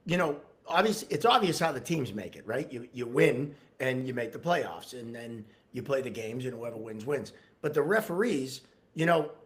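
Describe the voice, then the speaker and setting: A man's voice: medium pitch, a bit bright. A man co-hosting a casual podcast, who jokes often and laughs readily. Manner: laughs often, jokey banter. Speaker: podcast co-host.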